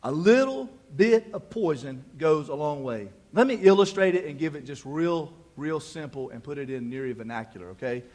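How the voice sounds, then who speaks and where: Husky folksy pastor in his thirties. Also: on the high side, animated, normal speed, hardly any pauses, darkish tone. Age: 30s. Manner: folksy, conversational, self-deprecating asides. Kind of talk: sermon. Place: church.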